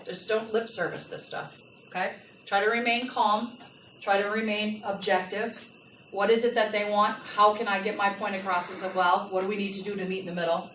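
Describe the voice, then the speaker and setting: A woman giving a lively customer service training talk to a live audience and asking them questions. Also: mid-range voice. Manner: animated, asks the audience questions. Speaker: workplace trainer. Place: large room with a live audience. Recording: echoey room, from a distance, faint noise.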